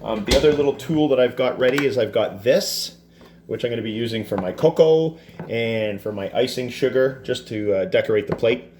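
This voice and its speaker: Man, cooking teacher, casual step-by-step demo, chatty and self-deprecating, middle pitch, faint background noise. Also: a little fast. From Canada. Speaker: culinary teacher. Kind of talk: cooking demonstration. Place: school kitchen.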